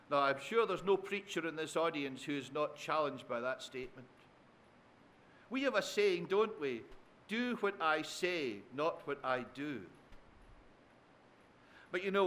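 Slow, high-voiced male preacher. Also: a bit bright. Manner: rhetorical, repeats phrases, asks tag questions; addresses listeners as dear friends. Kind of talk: sermon.

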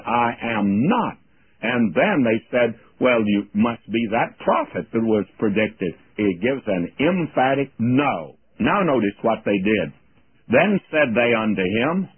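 An older man giving a folksy radio Bible teaching, plain-spoken and slowing down to quote scripture. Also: mid-range voice, slightly rough, dry recording. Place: radio studio. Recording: tinny phone-like radio broadcast, dry.

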